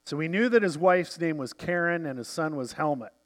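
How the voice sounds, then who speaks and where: Male first-person novel narrator, a touch high-pitched; measured, reflective read. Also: animated. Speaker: audiobook narrator.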